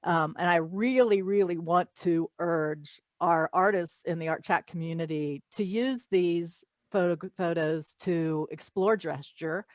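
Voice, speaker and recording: A woman's voice: fairly low pitch, measured pace, few pauses, dry recording. A woman hosting an art podcast, chatting casually and giving friendly tips to her listeners as she wraps up. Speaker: podcast host. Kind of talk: casual chat.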